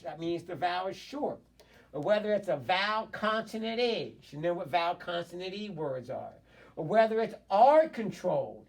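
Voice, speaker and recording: A male teacher giving an online phonics lesson, reading a short story and prompting students with encouraging, repetitive drills. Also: sits high. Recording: voice distant from the mic.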